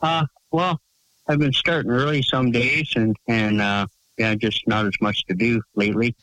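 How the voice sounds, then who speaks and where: A man calling into a late-night radio show, answering hesitantly with lots of fillers and short deadpan replies. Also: medium pitch, moderate pace, no room sound, poor audio. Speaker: regular caller. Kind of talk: casual call-in chat.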